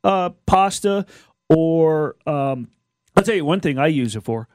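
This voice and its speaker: A man's voice: a little high, lively intonation, measured pace, a little mellow, dry recording. Upbeat man rambling in a dry studio. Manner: enthusiastic, rambling with restarts. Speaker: guest filling in. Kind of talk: casual radio chat.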